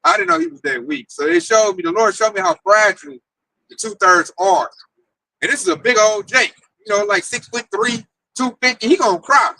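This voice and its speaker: High, bright-voiced man telling a story. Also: brisk, vocal fry, no echo, poor audio. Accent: Oklahoma. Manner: animated, acts out quoted voices. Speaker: camp member telling a story. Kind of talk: casual storytelling talk.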